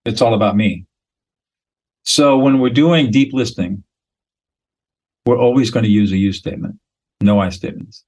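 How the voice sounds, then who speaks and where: Husky-voiced man explaining emphatically. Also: fairly low pitch, normal speed, long pauses, a little mellow, poor audio. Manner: emphatic, blunt, lecturing with declarative statements. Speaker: guest expert on listening. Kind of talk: explanatory podcast interview.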